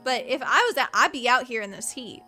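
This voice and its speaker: Brief: young woman streamer from the South, high bright voice, excitable and jokey, faint game music. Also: brisk. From Southern United States. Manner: excitable, laughs and gasps a lot, jokey. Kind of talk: casual gameplay commentary.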